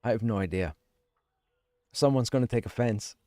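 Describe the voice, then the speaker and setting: A man's voice: medium pitch, normal speed, mellow, no room sound, clean studio sound. A man live-streaming a game, chatting casually and joking with his viewers. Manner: chatty, joking, self-deprecating. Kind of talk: casual live-stream chat while gaming.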